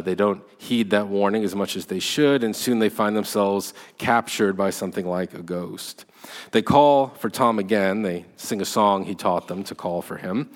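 A male teacher giving a measured lecture with frequent "uh" and "um", reading literature aloud and explaining it. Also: lowish voice. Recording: long hall reverb.

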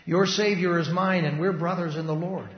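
A man reading as a soft-spoken kindly older boss. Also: high-pitched, steady tone, close to an everyday voice. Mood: tender. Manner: slow, quiet, with a quiver. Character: gentle kindly older male factory owner. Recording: echoey hall, dull lo-fi sound.

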